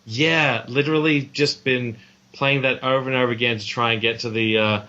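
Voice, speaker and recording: An Australian man rambles as a podcast guest, full of restarts and self-deprecating asides. His voice is bright and sharp. The audio sounds dull and lo-fi. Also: medium pitch, fairly even intonation, moderate pace. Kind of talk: casual podcast chat.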